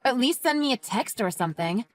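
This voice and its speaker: Woman reading a level-headed, polite mom friend with a fairly high, lively voice over light music. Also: brisk, close to an everyday voice. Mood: calm. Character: patient, polite young mother, calm and reasonable. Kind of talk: text-message story narration.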